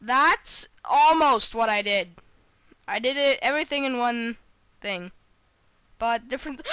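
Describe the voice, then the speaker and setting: A woman giving chatty, excitable gameplay commentary, full of fillers and quick to put herself down. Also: fairly high pitch, a little hiss or hum. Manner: chatty and excitable, filler-heavy, self-deprecating. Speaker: let's play gamer.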